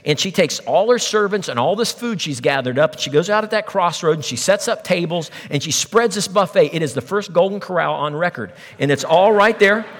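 A middle-aged pastor preaching a sermon, telling a story with humor and acted voices. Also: male voice, high-pitched, a little fast, hardly any pauses, long reverb tail. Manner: animated storytelling with jokes and voices.

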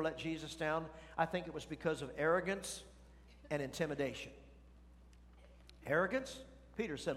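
A middle-aged male pastor delivers a sermon in a conversational way, often turning to the congregation with questions. His voice sits a little high. It rings with the long reverb of a large church hall. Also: lively intonation, moderate pace. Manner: conversational preaching with rhetorical questions.

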